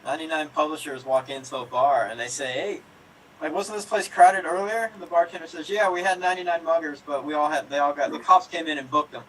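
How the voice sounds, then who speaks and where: A man's voice: on the high side, steady tone, quick pace, fairly bright tone, slightly rough. A man telling improvised jokes in a rambling, self-correcting way. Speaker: improv player. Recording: distant mic, faint room noise.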